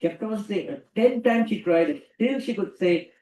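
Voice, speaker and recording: A man lectures students in an emphatic way and repeats his main points for effect. His voice is fairly high but soft and mellow. He was recorded from a distance in an echoey hall. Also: expressive, normal speed. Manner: emphatic, repeats key phrases. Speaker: guest lecturer. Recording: roomy hall, distant mic.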